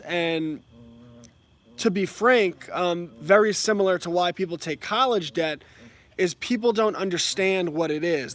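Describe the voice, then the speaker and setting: Young male educator; frank, opinionated commentary with examples, high pitch. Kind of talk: casual commentary.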